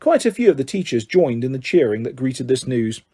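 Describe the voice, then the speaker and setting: A man's voice: mid-range voice, big pitch swings, brisk, warm tone, husky. A man narrating an audiobook, telling the story steadily and voicing the dialogue. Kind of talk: scripted narration.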